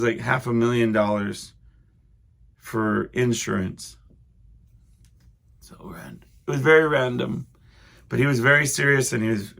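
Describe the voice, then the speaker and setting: Rambling through his stories with plenty of fillers and side comments, a young solo podcast host speaks in a gravelly mid-range voice that has a fairly bright tone.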